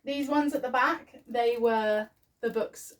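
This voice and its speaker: A woman's voice: on the high side, slow pace. A woman in her thirties with a British accent, chatting casually and rambling a bit as a parenting vlogger, often laughing. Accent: British English. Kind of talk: casual chat. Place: home nursery. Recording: voice slightly distant from the mic.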